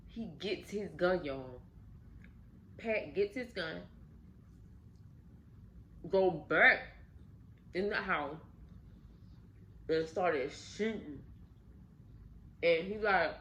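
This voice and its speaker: A woman's voice: on the low side, slow, long pauses, a little hiss or hum, rough recording. A woman host casually telling a story while eating, talking directly to her viewers. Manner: animated, addresses viewers directly. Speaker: channel host.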